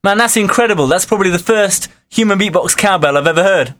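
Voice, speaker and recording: A man's voice: sits high, quick pace, background noise. A man interviewing a beatboxer, asking questions and giving admiring, encouraging praise.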